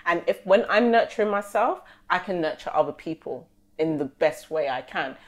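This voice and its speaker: A young woman, co-hosting a casual podcast chat, animated and slangy, acting out conversations. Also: on the low side, normal speed. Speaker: podcast co-host.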